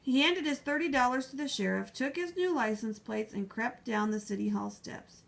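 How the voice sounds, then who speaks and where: A woman narrating a children's book in a lively, expressive storytelling manner. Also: on the high side, moderate pace, gravelly. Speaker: audiobook reader.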